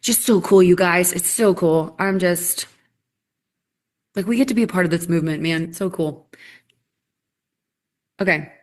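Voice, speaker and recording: A woman's voice: on the low side, a little slow, long pauses, a little mellow. A woman sharing her customer story on a live call, enthusiastic and rambling, with lots of "like"s. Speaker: guest customer sharing a testimonial. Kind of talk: casual live-call chat.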